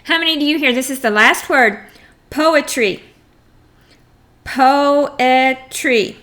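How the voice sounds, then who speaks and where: A middle-aged woman teaching a first grade phonics lesson, patiently sounding out words and clearing her throat now and then. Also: sits high, normal speed, pushed and bright. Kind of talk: recorded phonics lesson for young children.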